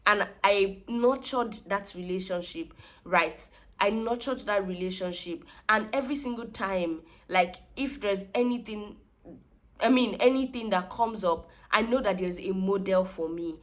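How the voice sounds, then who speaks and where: An earnest young woman speaks straight to her viewers in a relaxed, reflective vlog. Her voice sits at an ordinary middle pitch, and she sounds sincere and heartfelt. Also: measured pace. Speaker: vlogger. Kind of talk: casual reflective talk to camera.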